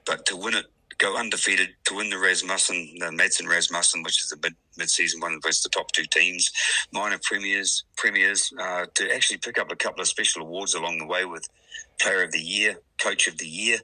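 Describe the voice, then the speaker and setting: A man's voice: sits low, steady tone, a little fast, bright, forceful tone, dry recording, rough recording. A middle-aged man with a New Zealand accent, a club president chatting on a radio interview, hesitant with many fillers. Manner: hesitant, lots of fillers, laughs easily.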